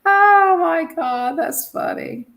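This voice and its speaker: A woman with a Southern US accent hosting a casual live stream, chatty and quick to laugh as she reads out viewers' comments. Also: extremely high pitch, expressive, vocal fry, a bit bright, rough recording.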